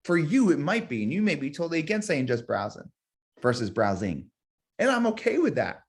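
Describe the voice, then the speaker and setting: A man teaching real estate agents in a live webinar, energetic, repeating key phrases and acting out sample sales calls. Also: on the high side, brisk.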